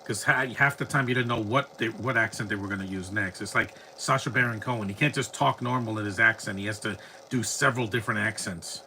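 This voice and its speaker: Man, casual movie commentary, rambling and chatty, bright forceful tone, faint background hum. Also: lowish voice, brisk. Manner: rambling, chatty, frequent restarts.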